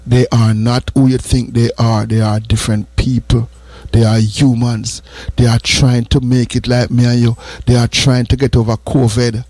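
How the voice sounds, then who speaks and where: A man's voice: mid-range voice, little pitch movement, normal speed, warm tone, no echo. A Jamaican man hosting a morning radio show, giving earnest, repetitive advice and drifting between patois and English. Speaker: radio host.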